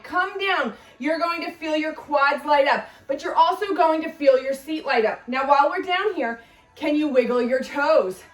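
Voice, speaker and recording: A woman's voice: sits high, a bit bright, reverberant, recorded from a distance. A woman fitness instructor leading a guided workout, cueing form and counting reps in an encouraging way, a little out of breath.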